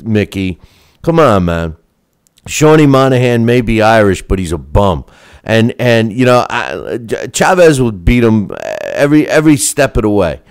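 A man's voice: fairly low pitch, big pitch swings, moderate pace, smooth, no echo, studio quality. A man hosting a podcast in casual, rambling chat, blunt and full of fillers. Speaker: podcast host.

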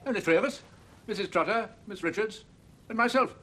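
An actor playing a hesitant, awkward middle-aged army major who stammers and trails off, in a 1970s TV period drama. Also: male voice, high-pitched, a bit bright. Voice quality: stammering, halting. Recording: noisy 1970s TV drama soundtrack.

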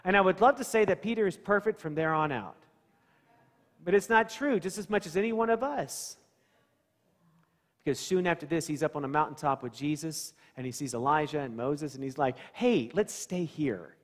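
Man, pastor, high voice, conversational sermon, long church echo. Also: fairly quick. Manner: asks the congregation questions, acts out scenes. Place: church sanctuary.

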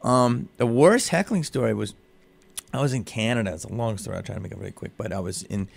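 A man who is a comedian and a radio guest, telling a rambling, animated story full of asides in a studio interview. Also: on the low side, quick pace, creaky, husky.

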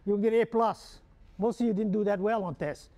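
Joking Hawaiian Pidgin man, high voice. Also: fairly even intonation, fairly quick, warm tone. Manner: joking, quizzes the audience with call-and-response questions. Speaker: keynote speaker. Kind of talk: humorous motivational keynote.

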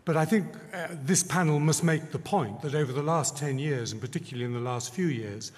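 A man on a debate panel giving measured, emphatic answers. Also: on the high side. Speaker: panel speaker. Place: large concert hall. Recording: long hall reverb.

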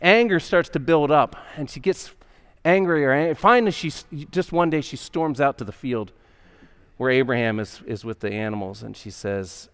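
A man's voice: mid-range voice, normal speed, fairly bright tone, clear, resonant tone. A male pastor preaching a sermon in a conversational storytelling manner, acting out the characters' voices. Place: church sanctuary. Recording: long hall reverb.

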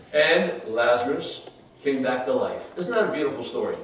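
A man preaching a sermon as pastor, dramatically acting out scripture, then softening into personal storytelling. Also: medium pitch, animated, normal speed. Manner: emphatic preaching, voices Bible figures, drops to soft storytelling. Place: church sanctuary. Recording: roomy church, far from the mic.

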